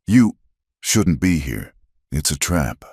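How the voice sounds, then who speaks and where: A man doing a weak, rasping wounded cowboy. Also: a bass voice, very animated, slow, darkish tone, no echo, studio quality, full character voice.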